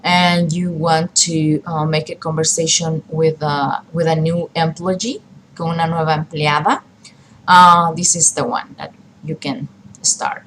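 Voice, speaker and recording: A woman in her fifties gives a slow, patient Spanish lesson, saying each phrase in English and then in Spanish. Her voice sits a little low, and her unhurried delivery leaves room to repeat after her. Faint background noise runs under the recording. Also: fairly even intonation, fairly bright tone. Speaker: Spanish teacher. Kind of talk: bilingual language lesson.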